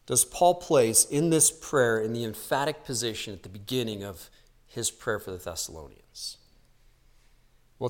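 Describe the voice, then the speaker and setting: A man preaching an expository sermon to a church congregation in an earnest, teacherly way, sometimes dropping to a soft, intense tone. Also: on the high side. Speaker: pastor.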